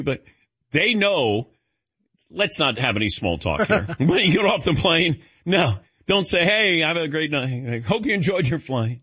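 A man hosting a casual radio talk show, his voice swinging up and down as he tells his stories. The tone is bright but a bit husky, recorded dry with a muffled, lo-fi edge. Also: fairly high pitch, no room sound. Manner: animated storyteller, calls on cohosts by name. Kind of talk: casual on-air banter.

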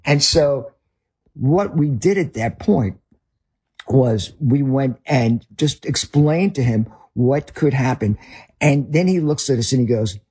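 A middle-aged man with a Northern US accent, a ministry leader telling a story as a guest in an interview, earnest and halting with many restarts. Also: medium pitch, expressive, a little mellow, husky.

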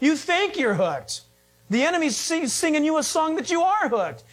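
A middle-aged male pastor preaching a sermon to a congregation, animated and exhorting, with rhetorical questions and jokes. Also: extremely high pitch, normal speed.

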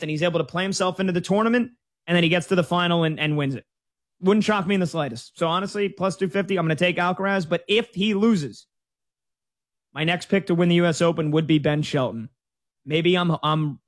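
A man giving casual sports betting analysis in a conversational, filler-heavy way. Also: a little high.

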